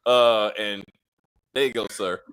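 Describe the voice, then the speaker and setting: Male podcast host for show reviews, animated and profane, bright tone. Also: on the low side, measured pace, clean tone. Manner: animated, profane, acts out characters' lines. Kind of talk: casual chat review.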